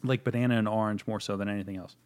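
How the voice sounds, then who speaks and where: Man, from virginia, rapid talker, joking, rambling, casual beer tasting chat. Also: on the low side, fairly even intonation, a little mellow. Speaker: beer review podcast co-host.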